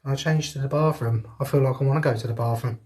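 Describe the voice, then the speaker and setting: A man's voice: mid-range voice, fairly even intonation, fast talker, darkish tone. A man streaming a live ghost hunt inside a house, talking to viewers and calling out to spirits in a chatty way. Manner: chatty, addresses viewers and spirits directly, laughs often. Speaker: paranormal investigator streaming live. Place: indoors in a house.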